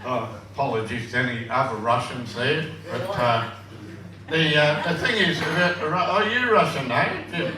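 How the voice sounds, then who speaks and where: A man's voice: a little high, moderate pace, a crowd in the background. A man at a pub open mic, singing a blues song and reciting a comic poem with rambling jokey banter. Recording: echoey pub room from a far-off mic, guitar.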